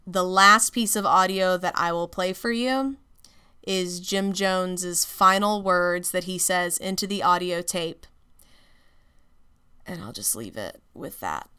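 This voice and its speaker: Woman host, bright and very clear voice, measured casual narration. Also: on the low side. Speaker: podcast host.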